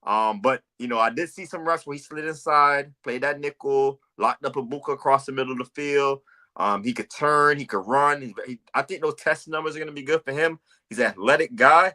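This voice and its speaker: A man's voice: medium pitch, fairly quick, bright, forceful tone. A man co-hosting a football podcast, talking casually and animatedly, with frequent stammered restarts. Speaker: podcast co-host. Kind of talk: casual football scouting talk.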